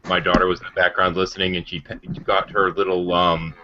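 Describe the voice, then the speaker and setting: A man's voice: low-pitched, flat delivery, a little fast, pushed and bright, muffled recording, slight background noise. A man making dry wisecracks in a casual podcast chat.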